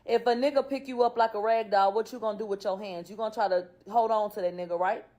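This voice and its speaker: A woman's voice: medium pitch, fairly even intonation, fast, darkish tone. A woman in casual commentary, bluntly retelling court testimony with profanity and questions to her viewers. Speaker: YouTuber recapping court testimony.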